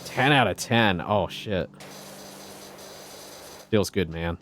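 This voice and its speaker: A man's voice: deep voice, slow pace, fairly bright tone, faint music behind. A man chatting casually on a game stream, playful and laughing often.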